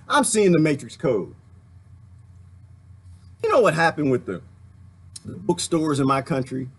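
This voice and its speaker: Heated, husky-voiced man ranting. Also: fairly high pitch. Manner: fiery, heated, swinging between shouting and muttering to calm down. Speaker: commentary vlogger. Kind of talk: impassioned political rant.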